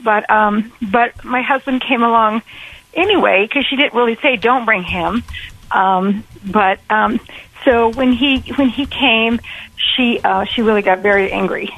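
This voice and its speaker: A woman's voice: fairly high pitch, fairly bright tone, dry recording, low-quality recording. Tearful, hesitant woman caller on the phone. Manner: hesitant, many pauses and fillers. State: fighting back tears. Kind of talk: call-in radio conversation. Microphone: telephone call.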